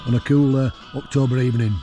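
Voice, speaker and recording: A man's voice: mid-range voice, flat delivery, fast talker, warm tone, faint music behind. A man chatting casually from his tent while wild camping, rambling with lots of fillers. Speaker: vlogger. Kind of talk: casual outdoor chat. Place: tent on a windy hill.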